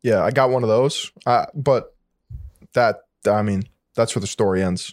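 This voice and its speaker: A man's voice: on the low side, normal speed, dry recording, studio quality. A man co-hosting a podcast, telling stories casually with swearing and laughter. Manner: profane, laughing, storytelling. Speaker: podcast co-host. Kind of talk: casual banter.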